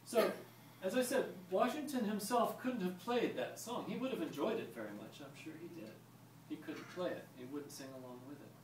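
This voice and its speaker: A historical music presenter gives a live talk and demonstration to visitors, explaining chattily and quizzing the audience. His high voice is lively and fairly quick, picked up by a distant mic in a roomy space with ambient noise.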